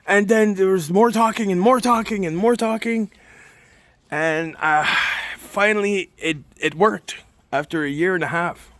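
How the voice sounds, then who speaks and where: A man's voice: high voice, measured pace, a bit bright, no room sound. A man telling a rambling, emotional story in casual talk, often repeating himself. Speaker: spirit communication vlogger. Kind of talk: casual monologue.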